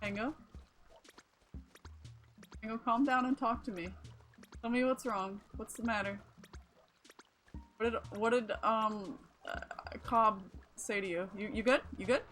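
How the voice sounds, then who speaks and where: A woman's voice: on the high side, fairly even intonation, a little slow, pauses often, fairly bright tone, soft background music. Chatty woman streaming a cozy game. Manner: chatty, rambling, casual swearing. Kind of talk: casual gameplay commentary.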